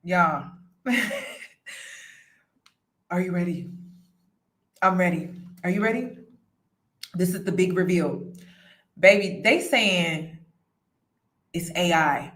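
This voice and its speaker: A woman hosting casual commentary for her live chat, talking in an animated way and repeating herself for emphasis. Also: high voice, measured pace, long pauses. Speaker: commentary vlogger.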